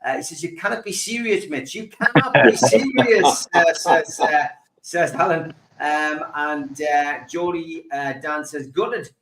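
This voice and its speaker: A man hosting a football fan podcast, relaxed, reading out chat comments with lots of fillers. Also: on the high side, unhurried, echoey room, over a noisy crowd, low-quality recording. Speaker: host.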